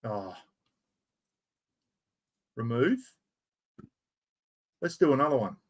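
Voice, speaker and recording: An Australian man hosts a casual live stream, talking to viewers and poking fun at himself while he struggles with the computer. His medium-pitched voice is sing-song and slow, with a breathy edge.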